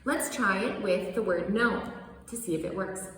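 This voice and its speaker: Female teacher, mid pitch, explains to camera with playful demonstrations, distant mic in a reverberant hall. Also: normal speed. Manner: animated, acts out tones on one word. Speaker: language teacher. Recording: echoey room, far from mic.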